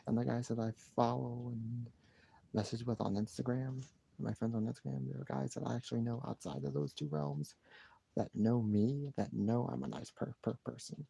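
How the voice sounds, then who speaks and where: A man's voice: mid-range voice, normal speed, creaky, dark tone, husky, no room sound. A man chatting casually on a live stream, rambling and repeating himself with sighs and restarts.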